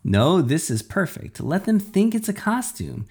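A man voicing a calm, practical girl sidekick in a storybook reading. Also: high-pitched, unhurried, breathy edge, pitched above the performer's own voice, full character voice.

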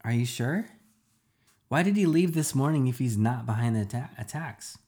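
A man's voice: mid-range voice, expressive, moderate pace, a little mellow, voice pushed up, close to an everyday voice. A man reading a storybook aloud, voicing a secretive young girl genius who argues insistently. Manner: pressing, argumentative.

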